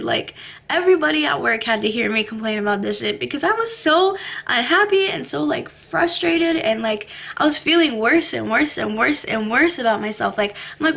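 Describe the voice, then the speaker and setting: Bright, gravelly-voiced young woman vlogging. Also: high-pitched. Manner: candid, swears freely, lots of fillers. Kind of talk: casual confessional vlog. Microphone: camera mic.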